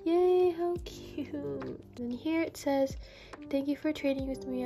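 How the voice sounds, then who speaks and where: A young woman vlogging an unboxing haul, gushing and excitable with breathy exclamations. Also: high voice, measured pace. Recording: background music.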